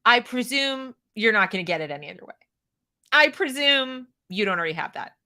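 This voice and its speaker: A woman's voice: fairly high pitch, expressive, brisk, pushed and bright. An American woman giving opinionated commentary, sarcastic and mocking the clips she reacts to. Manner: sarcastic, mocks quoted clips.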